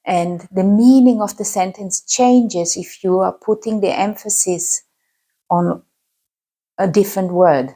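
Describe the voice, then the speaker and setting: Breathy woman guiding a qigong class. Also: on the low side, measured pace. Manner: calm, guiding instructions. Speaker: qigong instructor.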